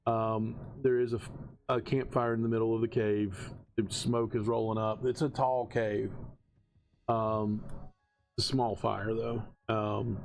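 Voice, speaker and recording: A man narrating a tabletop game as game master, casual and halting, with many ums. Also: on the low side, flat delivery, gravelly, a little mellow, soft background music. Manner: casual, hesitant with many fillers.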